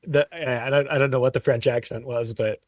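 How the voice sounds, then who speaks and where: A man's voice: mid-range voice, fairly even intonation, a little fast, darkish tone, dry recording, studio quality, far from the mic. A man talking as a podcast guest, telling stories in an easygoing way and laughing often. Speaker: guest, trail runner. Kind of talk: casual interview chat.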